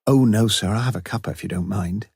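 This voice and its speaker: A man's voice: fairly low pitch, fast, vocal fry, slightly rough, no echo, studio quality. A man voicing a fussy, anxious middle-aged landlady in an audiobook, flustered and eager to please. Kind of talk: audiobook character voice.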